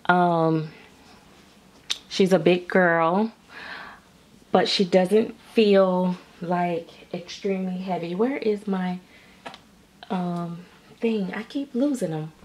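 With a fairly low voice, speaking slowly and pausing often, a middle-aged reborn doll artist and vlogger talks casually to her audience. Her speech wanders, full of fillers and frequent restarts.

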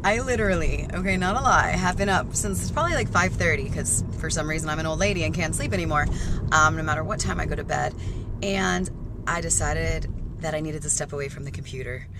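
A chatty, excitable woman vlogging from behind the wheel, holding the camera up to her face. Her talk rambles and swings from quiet asides to loud bursts. The road and car noise are clearly heard under her voice. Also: sits low, a little fast. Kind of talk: casual excited car vlog. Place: inside a car while driving. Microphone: handheld camera facing her in the car.

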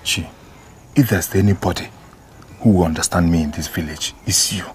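A pleading Nigerian lover, very low. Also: male voice, normal speed, slightly rough. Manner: coaxing, pleading. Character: pleading young man leaving his fiancée. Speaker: shop owner. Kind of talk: Nollywood film acting.

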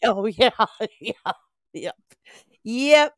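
A woman's voice: fairly high pitch, expressive, very slow, no echo, clean studio sound. An older woman co-hosting a live online talk show, chatting in a gossipy way and often laughing. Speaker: co-host. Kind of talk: casual live-stream chat.

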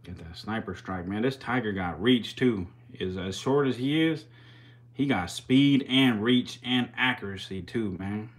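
A man's voice: lowish voice, a little slow. A man hosting a live stream, giving casual commentary in slangy, profane, hyped-up banter.

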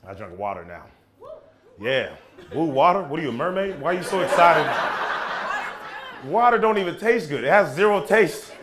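Animated comedian working a laughing crowd. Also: male voice, on the high side. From United States. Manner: fast, animated, jumps into loud silly voices. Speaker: stand-up comedian. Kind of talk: stand-up comedy set. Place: stage in a theater. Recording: live show with crowd laughing. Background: audience laughter and cheers.

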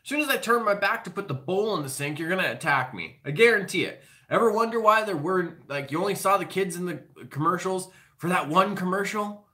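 A man's voice: high-pitched, expressive, brisk, hardly any pauses, sharp tone. A man hosting a live stream, rambling through jokes and announcements in a profane, loose, conversational way. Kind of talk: rambling comedic monologue.

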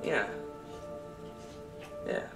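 A young man being interviewed, answering in a loud, incredulous way with quick retorts. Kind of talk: bewildered interview banter. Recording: roomy clip audio from a distance, music.

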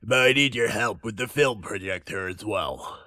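A man's voice: fairly low pitch, normal speed, bright, forceful tone, no room sound, clean studio sound. A man voicing a polite, slightly bossy cinema manager in a game, with a congested, nasal voice.

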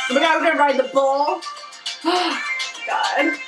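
Young woman, high voice, unhurried, excitable fan reaction, off-mic in an echoey room, music playing. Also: distant mic. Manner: gushing, squealing, swears and laughs a lot.

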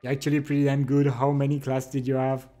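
A man's voice: mid-range voice, monotone, fast talker, warm tone, soft background music. A young adult man livestreaming, chatting casually with his viewers, reading their messages aloud and teasing them playfully.

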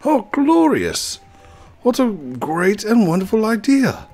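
A man's voice: sits high, big pitch swings, takes it slowly, a little mellow, faint music behind, voice pushed up, heavily acted. A man voicing a polite male servant with a put-on accent who formally calls his listener sir. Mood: gushing.

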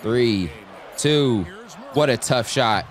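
A young man giving live commentary on his own basketball video game, talking to his teammates and shouting at big plays. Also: medium pitch, lively intonation, slow, a faint crowd. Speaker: gaming YouTuber.

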